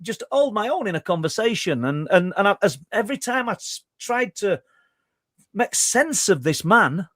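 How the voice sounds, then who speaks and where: His voice sits high and moves at normal speed: a middle-aged guest researcher from Yorkshire, England, with a Yorkshire accent, telling a long story in conversation. He's animated and talkative with many stumbling restarts, recorded in clean studio sound with no room sound.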